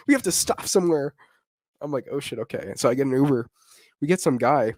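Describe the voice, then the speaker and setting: A young man co-hosting a podcast, telling a rowdy story in casual slang, animated and laughing often. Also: a little high, brisk, no echo, studio quality. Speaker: podcast co-host.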